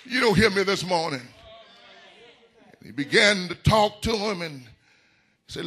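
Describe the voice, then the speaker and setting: A man preaching a sermon in a church, building into whooping shouts. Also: high voice, moderate pace, pauses often. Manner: whooping call-and-response preaching, rising into shouts.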